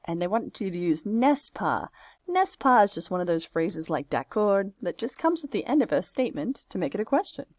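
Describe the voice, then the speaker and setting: A woman's voice: medium pitch, very animated, normal speed, a little mellow, no echo. A woman French teacher walking through a homework exercise step by step, talking it through aloud in a patient, chatty way. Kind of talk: screen-recorded homework walkthrough.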